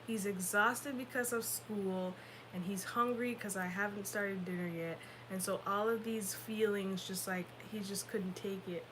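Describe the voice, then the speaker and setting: A woman co-hosting a casual talk show, telling animated stories about her children and acting out their voices. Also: medium pitch, unhurried, background noise. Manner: animated storytelling, acts out her kids' voices. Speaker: podcast co-host. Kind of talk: casual chat.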